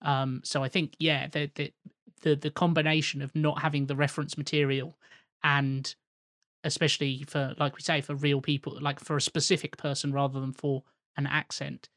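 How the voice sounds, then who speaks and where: A man's voice: fairly high pitch, little pitch movement, moderate pace, fairly bright tone, dry recording. Thoughtful man, dry close sound. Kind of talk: casual chat.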